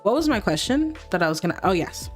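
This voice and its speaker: A woman's voice: mid-range voice, very animated, quick pace, faint music behind. A woman hosting a life-sim let's play, chatting playfully with her viewers as she plays. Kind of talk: casual gameplay commentary.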